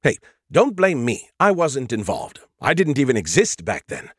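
Smug know-it-all AI, put on by a male audiobook narrator: condescending, animated, bone-dry read. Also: mid-range voice, moderate pace, slightly rough, no echo, exaggerated voice. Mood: snarky. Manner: condescending, lecturing. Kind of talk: audiobook character voice.

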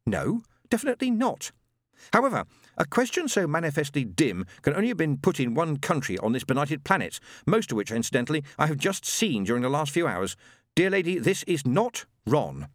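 A man's voice: fairly high pitch, very animated, brisk, a bit bright, dry recording, studio quality, voice pushed up. A man doing a pompous haughty spirit voice. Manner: haughty, condescending. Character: pompous angelic spirit speaking through a medium, male, haughty.

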